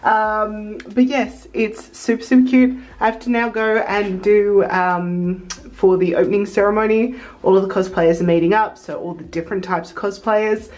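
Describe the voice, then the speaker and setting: A woman's voice: mid-range voice, fairly even intonation, normal speed, a little mellow. An Australian woman vlogging casually to camera as a cosplay guest, bubbly and giggly, a little tired. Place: busy convention venue, indoors. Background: crowd chatter.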